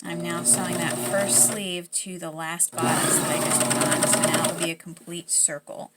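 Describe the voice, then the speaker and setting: A woman's voice: fairly low pitch, steady tone, moderate pace, heavy background noise. A woman with a Southern US accent hosting a casual sewing tutorial, chatty and easygoing, correcting herself as she works. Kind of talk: casual step-by-step sewing demonstration.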